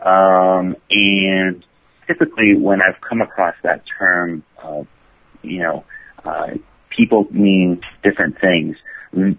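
A man's voice: sits low, no room sound. A male collector calling in as a podcast guest, speaking hesitantly with many fillers. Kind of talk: phone interview. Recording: dry tinny phone line.

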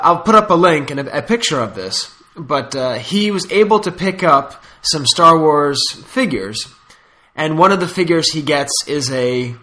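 A man's voice: fairly high pitch, pushed and bright. A man hosting a podcast in casual chat, rambling through stories with asides. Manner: rambling, storytelling with laughs and asides. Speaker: podcast host.

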